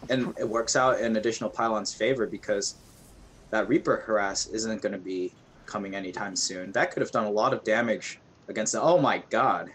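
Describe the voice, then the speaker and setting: Chatty low-voiced game co-caster. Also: male voice, fairly even intonation, fairly quick, a bit bright. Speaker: tournament co-caster. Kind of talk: casual game commentary.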